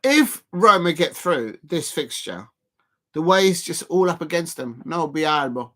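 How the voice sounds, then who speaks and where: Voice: mid-range voice, unhurried. Rambling football streamer. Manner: rambling and self-correcting, full of fillers and laughs; bursts into excited shouts at near misses. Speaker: football watch-along streamer. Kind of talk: casual live watch-along commentary.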